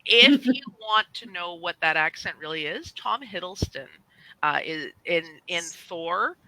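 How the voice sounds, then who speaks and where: A man with a very bright, slightly higher voice talks casually on a discussion panel. He rambles, wanders off topic and restarts his sentences often. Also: animated, a little slow, poor audio. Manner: rambling, digressive, self-interrupting.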